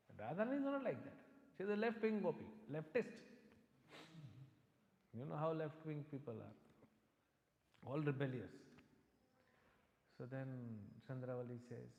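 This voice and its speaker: A man's voice: fairly high pitch, expressive, moderate pace, long pauses, darkish tone, dull audio. A man giving a devotional lecture, telling stories and checking in with his listeners through frequent tag questions. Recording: echoey temple hall with long reverb.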